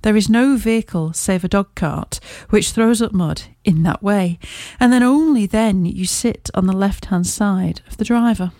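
A woman reading as a brisk, courteous Victorian detective. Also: medium pitch, mellow, no echo, natural voice. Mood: composed. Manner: crisp, measured Victorian speech. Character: brisk, observant male detective, confident and courteous.

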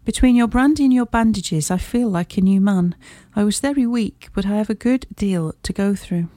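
A woman's voice: mid-range voice, moderate pace, dark tone, no echo, close to an everyday voice. A woman reading the lines of a polite young male engineer, formal and agitated after an injury. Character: young male engineer, shaken but composed.

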